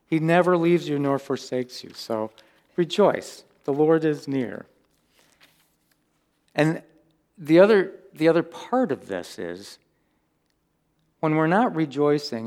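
A man's voice: on the high side, expressive, measured pace, pauses often, a little mellow. A joking, casual male preacher. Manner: informal and humorous, asks the congregation questions. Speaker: pastor. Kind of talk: conversational sermon.

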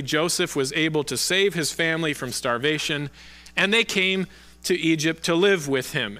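A man delivering a church sermon in an earnest, deliberate way, stretching out the words he wants remembered. His voice is bright and forceful and sits a little high. A long reverb trails behind him, as in a large sanctuary. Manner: earnest preaching with slow emphatic stresses. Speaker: pastor.

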